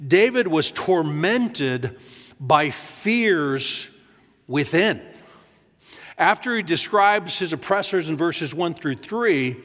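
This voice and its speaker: A man preaching a sermon as pastor, talking in a relaxed conversational way. He often repeats words and acts out the quoted lines with a rising voice. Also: fairly high pitch, slow pace, long reverb tail. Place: church sanctuary.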